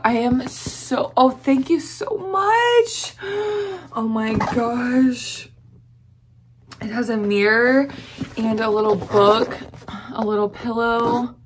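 A young Southern woman talks slowly through an unboxing vlog, gasping and gushing over each gift. Her voice sits a little high, and a faint hiss runs beneath it. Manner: gushing, gasping, breathless excitement. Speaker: vlogger.

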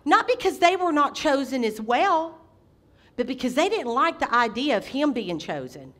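Middle-aged woman pastor, slightly high voice, fervent sermon delivery with loud swells. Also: sing-song, normal speed. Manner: impassioned preaching with sudden loud outbursts. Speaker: senior pastor.

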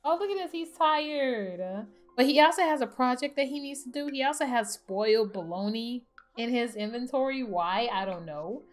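Excitable woman chatting over a game. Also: fairly high pitch, normal speed. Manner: chatty, excitable, talks to her game characters. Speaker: gaming channel host. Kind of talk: casual let's-play commentary.

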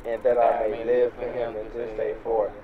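A young man playing a frustrated street hustler in a music video skit, agitated and shouting, recorded outdoors with traffic noise behind. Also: medium pitch, monotone, moderate pace, narrow, tinny audio, a crowd in the background, close to an everyday voice. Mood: repentant. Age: young adult.

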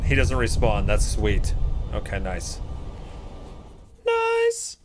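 Male streamer, excitable, drawling and animated, over game music. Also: a little high, measured pace. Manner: excitable, exclaims at loot and deaths. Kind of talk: casual let's-play commentary.

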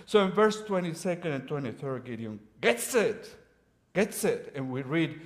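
A man's voice: fairly high pitch, very animated, moderate pace. A man preaching as a guest preacher, retelling scripture in casual modern phrasing and chuckling now and then. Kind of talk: sermon.

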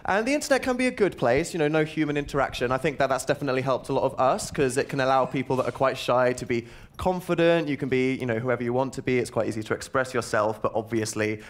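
A young British man hosting a casual radio panel talk, relaxed and quick to laugh. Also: mid-range voice. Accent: British English. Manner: relaxed, laughs between lines. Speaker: host.

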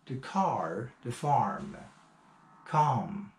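A man whose first language is Chinese drills English sounds very slowly, repeating each word over and over with long hesitations. His pitch sits at a middle level, and the voice rings in an echoey room. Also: lively intonation, darkish tone. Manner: repeats words slowly, many drawn-out fillers. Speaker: English pronunciation teacher. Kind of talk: slow pronunciation drill lesson.

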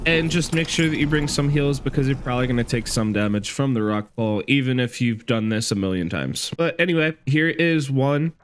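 A young man giving a relaxed, conversational voice-over guide to a video game boss fight. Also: mid-range voice, fairly quick, few pauses, a little hiss or hum. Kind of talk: casual gameplay guide voice-over.

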